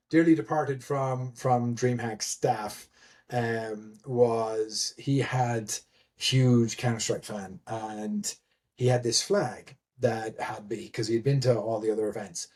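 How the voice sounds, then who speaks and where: A man's voice: medium pitch, steady tone, takes it slowly, warm tone. Chatty male guest, mid-range voice, rambling storyteller full of restarts, casual swearing. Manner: rambling, many restarts and fillers; laughs often, swears casually. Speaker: guest, event admin.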